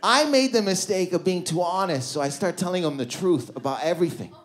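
A man in his thirties doing a stand-up comedy set in a club, loose and conversational, throwing quick asides to the crowd. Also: high-pitched. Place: comedy club stage before a live audience.

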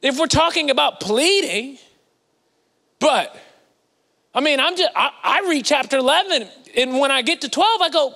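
A man's voice: very high voice, lively intonation, moderate pace, gravelly, sharp tone, long reverb tail. A man preaching a sermon in a conversational, playful way with slangy asides, recorded in a church sanctuary.

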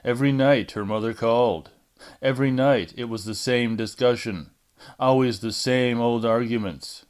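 A man reading a fan-made audiobook in a measured, deliberate way. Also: medium pitch, smooth. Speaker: audiobook reader. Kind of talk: amateur audiobook narration.

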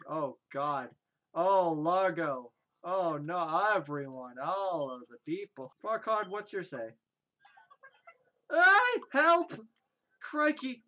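A young woman giving joking, dramatic let's-play commentary on a video game. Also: lowish voice. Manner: excitable, joking, dramatic reactions.

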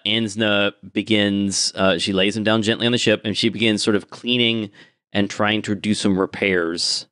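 Low-voiced man narrating as game master. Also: normal speed, no echo, studio quality. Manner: calm, descriptive narration.

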